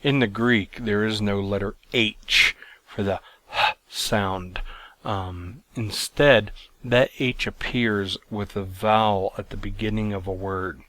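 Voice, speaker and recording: Low-voiced man teaching a lesson. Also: steady tone, a bit bright, dry recording. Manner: plain, measured explaining with fillers and restarts. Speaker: Greek teacher. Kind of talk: recorded lesson.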